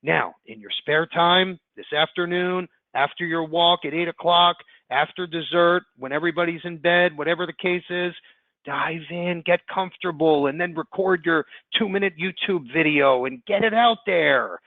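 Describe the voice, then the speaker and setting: Man pitching fast on a tinny call. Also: no echo. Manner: fast, pushy and upbeat. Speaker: insurance platform presenter. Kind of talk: webinar sales pitch. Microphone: conference call line. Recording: tinny phone-line audio.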